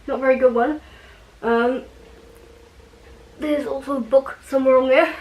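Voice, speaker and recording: A woman's voice: high-pitched, steady tone, unhurried, long pauses, darkish tone, poor audio. A young woman chatting casually to her vlog audience, rambling with frequent ums and light laughs. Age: young adult. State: out of breath. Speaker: vlogger.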